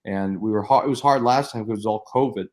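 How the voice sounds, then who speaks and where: A brash man guests on a casual podcast and gives blunt, profane advice. He talks fast, with a low voice. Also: a little mellow.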